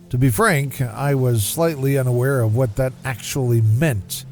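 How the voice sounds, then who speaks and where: Mellow-voiced man narrating over soft music. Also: fairly high pitch. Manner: measured, descriptive storytelling. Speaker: podcast host. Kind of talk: scripted narration.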